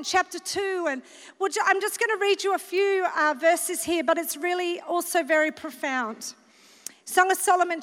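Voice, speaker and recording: A woman delivers an earnest sermon, her voice pitched very high. She slows into soft, emphatic readings of scripture. The sound carries a long hall reverb. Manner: earnest, warm preaching with slowed emphatic readings. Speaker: women's conference speaker.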